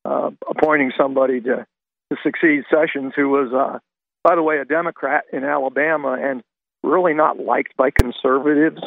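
A man's voice: medium pitch, steady tone, moderate pace, dry recording. A man from Florida calling in to a radio show, laying out history point by point in a conspiratorial way. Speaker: caller. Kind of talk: phone-in caller commentary. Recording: tinny gravelly phone line.

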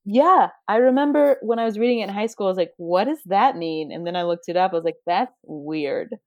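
A woman's voice: mid-range voice, animated, a little fast, a little mellow, no echo. Chatty young woman podcast co-host. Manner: chatty, giggly, quotes characters playfully. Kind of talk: casual book discussion.

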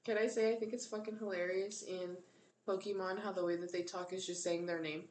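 A woman's voice: on the low side, little pitch movement, brisk, a little mellow, roomy sound, a little hiss or hum. A young woman in casual chat, blunt and profane, laughing often.

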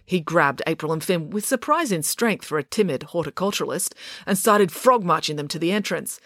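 A woman narrating a children's story with expressive delivery. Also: lowish voice, brisk, dry recording, studio quality.

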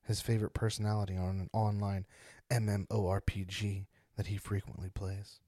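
A man's voice: on the low side, little pitch movement, moderate pace, mellow, no room sound, clean studio sound. A man hosting a casual podcast, joking around and reading spooky stories aloud with dramatic emphasis. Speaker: podcast host.

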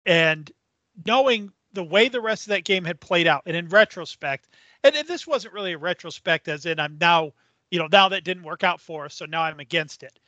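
A middle-aged man co-hosting a casual sports podcast, talking in a measured, thoughtful way. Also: sits high, animated, bright, forceful tone, dry recording, highs cut off. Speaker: podcast co-host.

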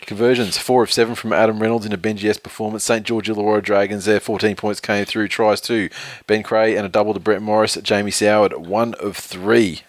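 Low-voiced man reading tweets. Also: little pitch movement, brisk, few pauses, no room sound. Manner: laughs often, reads tweets aloud, swears casually. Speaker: podcast co-host. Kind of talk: casual sports podcast chat.

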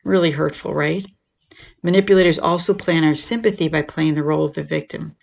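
A podcast host talking through ideas in an easy, conversational way, often tossing in "right?" and "you know". The voice has a gravelly, creaky edge and sits at a middling pitch. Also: fast talker. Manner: acts out quoted lines in a lifted, animated voice. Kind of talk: casual explanatory talk on relationships.

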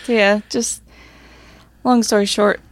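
A woman's voice: mid-range voice, fairly even intonation, slow pace. A woman co-hosting a podcast in casual chat, swearing often and filling her talk with "like". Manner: swears often, chatty, trails off with "like". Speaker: podcast co-host.

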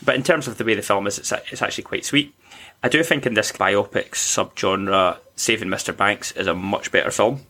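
A man hosting a podcast, chatting casually about films in a measured, mildly wry way. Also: on the low side, sharp tone. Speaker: podcast host. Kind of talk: casual film review chat.

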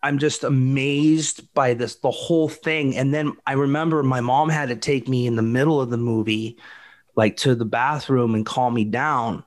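Rambling, animated man telling stories. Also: medium pitch, normal speed. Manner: rambling, animated storytelling with frequent restarts, calls people dude and bro. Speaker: podcast co-host. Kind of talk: casual chat.

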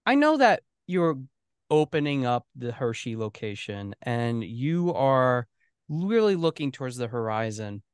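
A man's voice: mid-range voice, sing-song, a little slow, clean tone, no room sound, clean studio sound. A man hosting an interview podcast, asking long, earnest questions. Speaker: podcast host.

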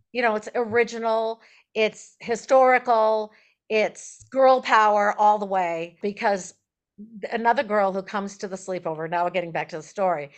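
A woman songwriter and performer, a guest on an interview show, telling stories in a chatty, animated way and laughing as she goes. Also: mid-range voice, clear, resonant tone. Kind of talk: casual interview storytelling.

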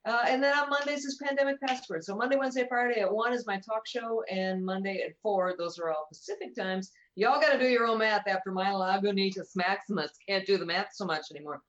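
A woman's voice: medium pitch, brisk, few pauses, dull audio. A woman comedian and chat show host, chatting playfully and cracking jokes. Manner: playful, jokey. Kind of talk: casual chat.

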